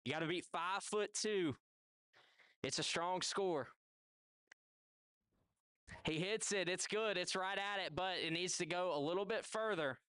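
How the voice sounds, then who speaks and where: A Southern-accented man hosts a live outdoor golf competition, chatting with contestants and calling the action in a conversational way. His high-pitched voice is pushed and bright, with a clear, resonant tone and no room sound.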